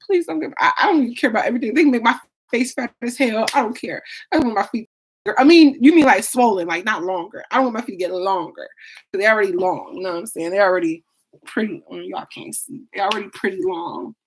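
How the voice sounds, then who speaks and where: A young woman hosting a casual livestream, reading viewer comments aloud and reacting in a chatty, expressive way. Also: medium pitch, quick pace, slight background noise. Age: young adult. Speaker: YouTube live streamer.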